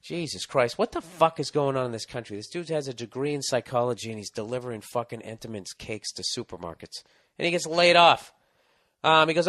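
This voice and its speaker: In a clean studio recording with no room sound, a middle-aged man with a mid-range, slightly bright voice hosts a casual podcast. He reads a listener's advice letter, swearing heavily as he rants and tells stories.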